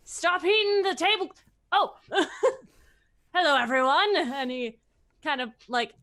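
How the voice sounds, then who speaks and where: A woman's voice: medium pitch, fairly bright tone, smooth. A woman player describing her tabletop character hesitantly, with many fillers.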